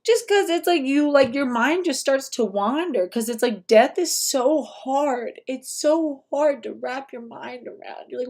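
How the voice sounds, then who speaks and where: A woman's voice: sits high, lively intonation, a little slow, hardly any pauses, a little mellow. A woman vlogging in loose, rambling casual talk at her home computer, full of fillers, swearing and laughs.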